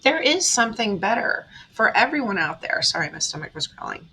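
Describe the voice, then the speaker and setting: A woman's voice: on the high side, sing-song, a little fast, sharp tone, slight background noise, low-quality recording. A woman, a tarot reader giving an earnest, emotional motivational monologue straight to her viewers. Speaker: tarot reader and spiritual vlogger.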